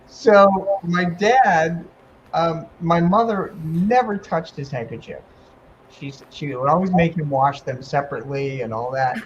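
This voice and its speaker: Animated man telling an emotional story. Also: on the high side, slow, dull audio, slight background noise. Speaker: guest medium and author. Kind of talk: casual storytelling on a talk radio show.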